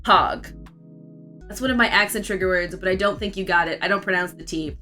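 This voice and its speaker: Bright, giggly young woman streamer. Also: fairly low pitch, fast talker, soft background music. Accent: vaguely Southern US. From Florida, US. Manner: rambling, giggly, chatty. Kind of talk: casual chat while drawing and reading chat.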